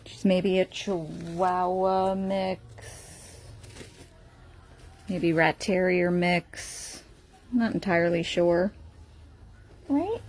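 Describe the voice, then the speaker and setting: A woman's voice: fairly low pitch, flat delivery, very slow, long pauses, darkish tone, slight background noise. Woman cooing over puppies in her lap. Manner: playful baby talk to puppies, laughing often. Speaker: animal rescue volunteer. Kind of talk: casual talk to camera.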